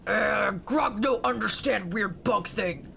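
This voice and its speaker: A woman voicing a dim-witted caveman who talks slowly in broken grammar. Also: medium pitch, creaky, pushed and bright, slight background noise, heavily acted. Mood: puzzled. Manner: broken grammar, slow and plodding.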